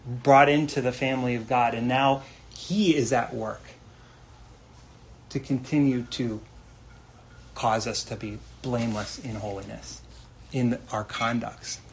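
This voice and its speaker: A man delivers an expository sermon at a slow, deliberate pace and in a mid-pitched voice. He talks earnestly and conversationally and often asks his listeners questions. Faint room ambience hums in the background. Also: steady tone, a little hiss or hum. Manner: reads scripture slowly and deliberately. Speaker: pastor.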